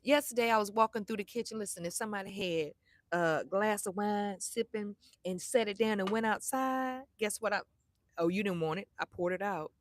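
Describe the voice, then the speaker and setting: A middle-aged woman vlogger telling a story to her live chat in a blunt, animated way, swearing freely and acting out the people she quotes. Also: mid-range voice, a little fast, dry recording.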